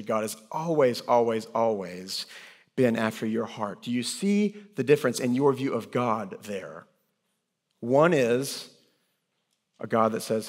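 Earnest preacher in a reverberant sanctuary. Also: male voice, medium pitch. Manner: earnest preaching, swings between hushed and raised emphasis. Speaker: pastor. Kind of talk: sermon. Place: church sanctuary. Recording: long hall reverb.

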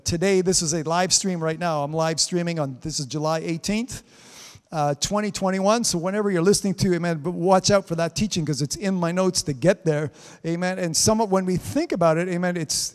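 High-voiced man preaching with fervor. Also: moderate pace. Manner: fervent, peppered with amens and hallelujahs. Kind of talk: live-streamed sermon. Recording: reverberant hall sound.

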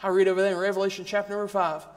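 A man's voice: high-pitched, little pitch movement, very fast. A man preaching a sermon, in a rhythmic, repetitive style that builds emphasis. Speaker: guest preacher. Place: church sanctuary. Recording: long reverb of a church hall.

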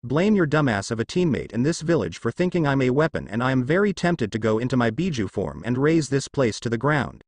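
A man's voice: mid-range voice, very animated, fairly quick, hardly any pauses, darkish tone, dry recording. A man voicing a cocky, cold young male ninja who mocks and threatens in a taunting manner. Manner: taunting and mocking.

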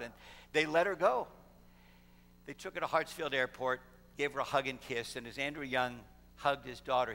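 Bright-voiced male preacher in a reverberant church. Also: mid-range voice. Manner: storytelling preacher, rising to a fervent close. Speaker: pastor. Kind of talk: sermon. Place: church sanctuary. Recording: long hall reverb in a church sanctuary.

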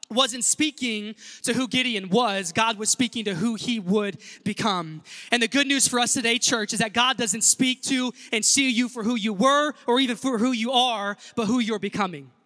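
A man's voice: extremely high pitch, moderate pace, bright, forceful tone, in a large hall. A male pastor preaching an earnest sermon in a church and speaking directly to the congregation. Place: church sanctuary.

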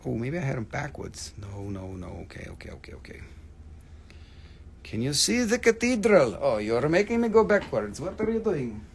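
A middle-aged man hosting a live-stream sale of rocks and minerals, talking in an excitable, hyping way and swearing freely. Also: mid-range voice, normal speed, hardly any pauses, a little hiss or hum. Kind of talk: live-stream sales chat.

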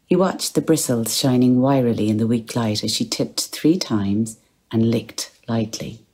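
A woman with an Irish accent reading literary prose aloud, unhurried, slipping into a hushed whisper for the character's thoughts. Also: rumbling low, slightly rough. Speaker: audiobook reader.

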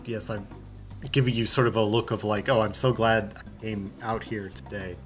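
A man's voice: fairly low pitch, flat delivery, moderate pace, faint music behind, close to an everyday voice. A man voicing a prim male gray dog with a sarcastic, snooty manner, close to his own voice.

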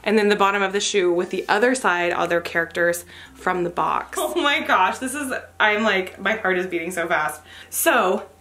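A woman vlogger unboxing a haul, gushing with excitement and breaking into gasps and exclamations. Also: fairly low pitch, normal speed.

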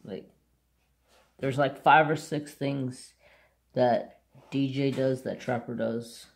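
A man who hosts a crafts channel, casually chatting and rambling about his dogs in an unhurried way. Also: medium pitch, fairly even intonation, creaky. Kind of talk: casual chat.

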